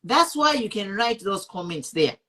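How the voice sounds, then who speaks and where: A woman's voice: mid-range voice, very animated, moderate pace, pushed and bright. A woman with a Zambian accent, hosting an online show and giving impassioned political commentary, indignant and switching between English and Bemba.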